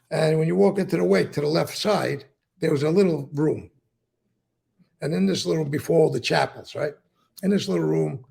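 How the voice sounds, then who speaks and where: Gravelly raspy guy spinning old stories, swears a lot, acts out the other guys' lines. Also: mid-range voice, darkish tone. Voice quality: gravelly, husky voice. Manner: acts out quoted dialogue, repeats words, swears. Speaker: former mobster telling stories. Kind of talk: casual storytelling interview.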